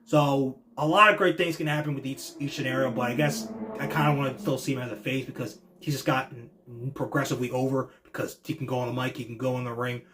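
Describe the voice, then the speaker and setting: A young man giving casual wrestling reaction commentary, excitable and slangy, swearing freely and acting out wrestlers' pleas in a much higher voice. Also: quick pace, hardly any pauses, a little hiss or hum.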